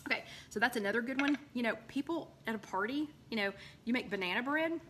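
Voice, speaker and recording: A woman's voice: on the high side, lively intonation, fast, a bit bright, slight background noise. A woman hosting a live recipe chat from her home, rambling casually with lots of ums and greeting viewers by name.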